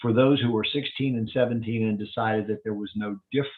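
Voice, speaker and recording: A man's voice: fairly low pitch, steady tone, quick pace. A man, a physician, giving a community health update and walking plainly through slides step by step. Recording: tinny phone-like line.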